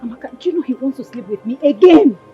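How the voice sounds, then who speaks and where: A woman's voice: high voice, animated, fast talker, slightly rough, heavily acted. An actress playing a frustrated young village woman, speaking with a Nigerian accent and complaining angrily to her friend. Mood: exasperated. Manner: agitated, exasperated. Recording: dull sound with loud music behind.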